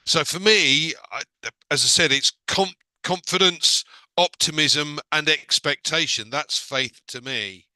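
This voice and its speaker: Man, sincere testimony, measured, very bright voice, smooth, dry sound. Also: on the high side, no room sound, low-quality recording. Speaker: participant in an online group call. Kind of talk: personal testimony.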